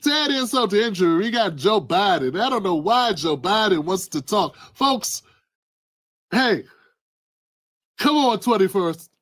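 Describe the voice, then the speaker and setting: A high-pitched man delivering fired-up political commentary. He preaches, punches his points and sometimes shouts. The sound is dry and close. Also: very animated, a little slow, no room sound. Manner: emphatic, preachy, rising to shouts. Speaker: news commentary host.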